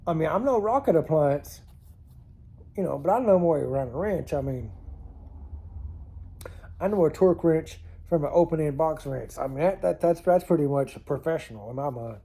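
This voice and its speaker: A man's voice: on the high side, animated, moderate pace, gravelly, mellow, slightly rough. A man rambling through funny stories to camera in a casual vlog, laughing at himself. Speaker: storytelling vlogger. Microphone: camera mic on a tilting setup.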